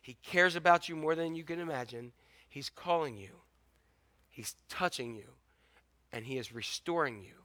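Pastor guy preaching, bright kinda high voice, goes big then drops to near hush, dry close mic. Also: normal speed, no room sound. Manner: swings from loud urgent preaching to hushed intimate tones; repetitive emphatic exhortation. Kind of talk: sermon.

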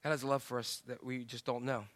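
A middle-aged man preaching a sermon, telling the story with lively acted-out voices and humor. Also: medium pitch, fast, dry recording. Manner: animated storytelling, acts out the father's voice. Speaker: pastor.

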